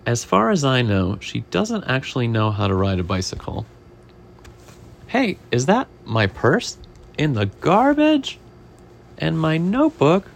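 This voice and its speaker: A man's voice: mid-range voice, huge pitch swings, measured pace, gravelly, a little hiss or hum, heavily acted. A man voicing a flustered chicken-owner woman. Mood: fretful. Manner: worried, exclaiming.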